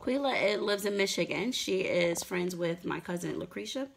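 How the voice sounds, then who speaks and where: A woman's voice: fairly low pitch, expressive, moderate pace, gravelly, a little hiss or hum. A middle-aged woman co-hosting a casual live stream with her husband, chatty and teasing as she greets viewers and reads their comments. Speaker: livestream co-host.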